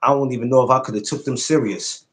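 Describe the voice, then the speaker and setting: A man in the middle of his register hosts a live podcast stream in loose, casual chat. He talks animatedly, swears freely, and his voice jumps up high when he mocks something. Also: fast talker.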